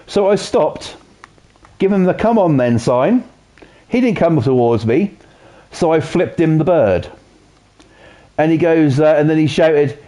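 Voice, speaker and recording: A mellow-voiced man with a Norfolk accent chats casually to his stream audience. He rambles through a story with lots of swearing and loose asides. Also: a little high, measured pace. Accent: Norfolk English. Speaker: game streamer. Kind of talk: casual live-stream chat.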